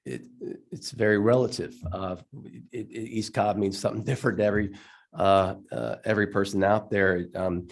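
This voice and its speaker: Stuffy low-voiced man testifying. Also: fairly even intonation. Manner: halting, many ums and restarts. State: stuffy from a cold. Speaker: state representative presenting a bill. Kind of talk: legislative hearing testimony.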